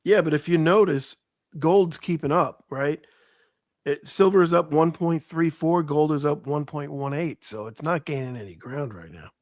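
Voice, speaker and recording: East coast guy with a shot scratchy voice, kinda high, dry close sound, chatting on a stream. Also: a little mellow, dry recording. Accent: American East Coast. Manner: talks through market numbers, halting restarts. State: hoarse, voice shot. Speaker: co-host. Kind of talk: casual livestream chat.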